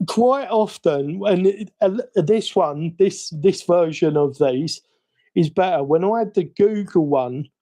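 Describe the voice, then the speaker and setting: A man's voice: high-pitched, slow, mellow. A man with a Cockney accent chatting casually and rambling with self-mocking asides during a live stream. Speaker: hobby livestream host. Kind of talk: casual live-stream chat while working.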